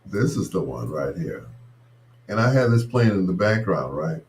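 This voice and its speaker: A man hosting a late-night live stream. He talks in a slow, smooth, crooning romantic way, calls listeners baby, and greets viewers by name in a joking tone. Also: deep voice, big pitch swings, a little mellow, slight background noise.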